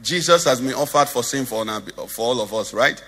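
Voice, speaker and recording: A man's voice: medium pitch, fairly quick, sharp tone, in a large hall. A male pastor preaching a sermon, lilting in a sing-song way and asking the congregation questions. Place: church.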